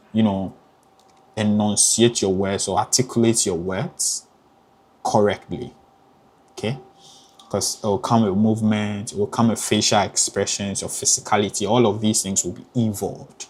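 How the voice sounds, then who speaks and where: A man's voice: fairly low pitch, husky. A young man from Ghana with a Ghanaian accent, a theatre graduate student giving casual advice in a chatty, emphatic way, full of "you know" fillers.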